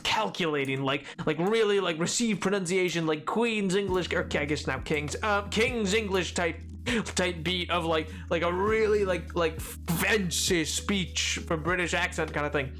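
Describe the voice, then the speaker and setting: A game streamer rambles through a casual live-stream chat, full of restarts, fillers and repeated words. The pitch bounces around a lot as the voice moves, playful and loose. Music runs steadily behind the talk. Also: a bit bright.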